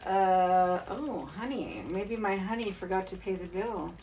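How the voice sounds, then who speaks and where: Woman, casual live streamer, rambly self-talk, mid pitch, recorded from a distance with light background noise. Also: expressive, unhurried, hardly any pauses, a little mellow. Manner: chatty, rambling, talks to herself. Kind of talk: casual live-stream chatter while cleaning. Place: home kitchen, indoors. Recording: distant phone mic with faint background noise. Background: faint nature sounds.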